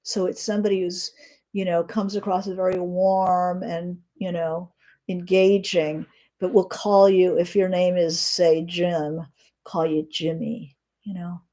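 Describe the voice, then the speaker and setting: Slow, mellow-voiced woman writing teacher. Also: fairly low pitch, little pitch movement. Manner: reads descriptive notes aloud with frequent um pauses. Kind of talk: live-streamed writing lesson.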